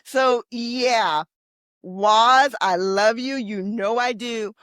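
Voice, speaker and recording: A woman co-hosting a fan podcast in casual, opinionated chat, her voice jumping up and getting louder when she gets excited. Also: a little high, very slow, clear, resonant tone, dry recording. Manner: animated, opinionated, bursts of loudness. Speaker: podcast co-host.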